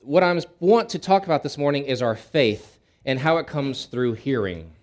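A male pastor delivering a sermon in an easygoing, storytelling way. His voice sits in an ordinary middle pitch, and he often circles back and restarts phrases as he talks. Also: lively intonation, normal speed. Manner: folksy storytelling with frequent restarts.

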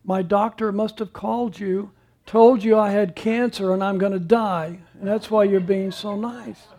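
A tearful wife, overwhelmed and emotional, as a preacher quotes her in his high voice. She pleads through her surprise in a sermon story. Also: fairly even intonation, measured pace, warm tone.

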